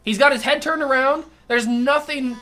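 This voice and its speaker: A male gaming channel host rants furiously over live gameplay, veering between shouting and low muttering. He talks at a normal speed with soft music playing in the background.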